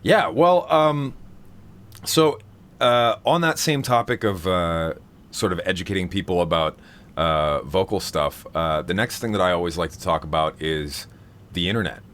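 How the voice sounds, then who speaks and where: A man's voice: low voice, normal speed, a bit bright. A man hosting a live-stream vocal seminar, talking casually and rambling with many fillers and restarts.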